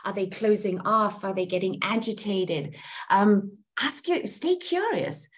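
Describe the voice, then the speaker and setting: A woman leads a group session on how to listen. Her pitch swings widely as she acts out sample phrases. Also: unhurried. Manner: animated, acts out example phrases. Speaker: coach.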